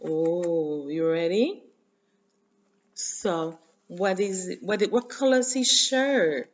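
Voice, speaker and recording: A woman with a Haitian accent leads a children's phonics lesson. She talks slowly and drills each sound in a sing-song call-and-response. The recording is dull and lo-fi. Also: lowish voice. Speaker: teacher.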